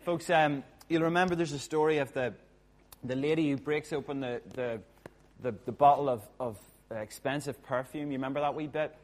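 A man's voice: a little high, steady tone, a little fast. Chatty, jokey man preaching a sermon. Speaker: pastor.

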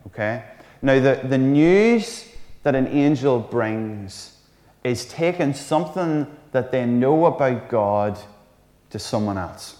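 A man preaches with a lively, conversational manner and throws in jokey asides. His mid-pitched voice rings out with a long reverb tail, as if recorded in a big, roomy hall. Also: slow. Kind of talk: sermon.

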